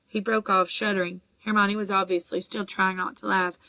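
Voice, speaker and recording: A woman narrating an audiobook in a steady, even storytelling voice. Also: mid-range voice, moderate pace, creaky, no room sound. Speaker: audiobook reader.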